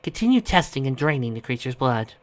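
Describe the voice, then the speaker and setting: A man's voice: medium pitch, sing-song, fairly quick, natural voice. A man voicing a female military commander, firm with her troops and tender with a captive creature. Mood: commanding.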